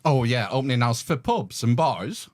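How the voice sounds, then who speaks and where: Teasing podcast host. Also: male voice, mid-range voice, animated. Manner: teasing, quick to laugh. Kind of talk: casual podcast chat.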